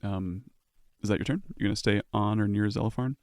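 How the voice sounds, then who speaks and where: A man's voice: fairly low pitch, a little fast, a little mellow, no echo, clean studio sound. A man running a tabletop game as game master, narrating the scene in a loose, descriptive way.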